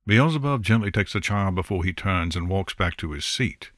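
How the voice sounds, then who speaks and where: A man narrating a fantasy novel in an unhurried, expressive storytelling manner. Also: sits low, no echo, clean studio sound. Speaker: audiobook narrator. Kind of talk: scripted narration.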